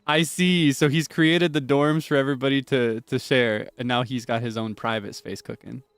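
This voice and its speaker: A man streaming live gameplay commentary, excitable and chatty, laughing often and swinging between hushed asides and high squeals of delight. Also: normal speed, clean tone, dry recording, soft background music.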